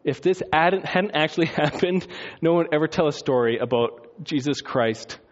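A man preaching a lively sermon, swinging between loud excitement and hushed, quiet passages. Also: fairly high pitch, normal speed. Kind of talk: lively sermon with acted-out quotes. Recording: dull lo-fi sound.

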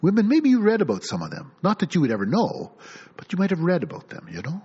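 Animated middle-aged male pastor preaching. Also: sits high, fast, husky. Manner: animated preaching, reads scripture aloud, acts out voices. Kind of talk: sermon. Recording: dull lo-fi recording.

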